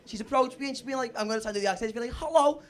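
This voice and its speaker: A man's voice: very high-pitched, fairly even intonation, very fast. A young man with a Liverpool accent doing stand-up, telling a crude, self-mocking story and laughing through his lines. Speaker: stand-up comedian. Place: comedy club stage. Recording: live club with crowd.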